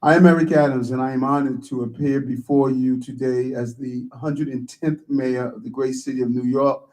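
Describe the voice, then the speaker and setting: A man, a city mayor, giving formal prepared testimony before a committee in a measured way. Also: mid-range voice, fairly even intonation, mellow, rough recording.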